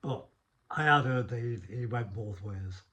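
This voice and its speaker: Here the Northern English ex-prison officer, middle-aged and from Northern England, sounds a little slow, with a medium pitch and a sharp tone. His casual interview is a string of wandering anecdotes, with restarts and some mild swearing.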